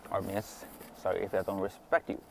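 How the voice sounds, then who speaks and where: A nervous, courteous young hero who stumbles over his words. A man reads him in a low voice, barely shifting from his own. A light hiss sits under the home recording. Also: level tone, brisk, gravelly, darkish tone. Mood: confused. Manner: hesitant, apologetic. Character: young male hero, polite and flustered.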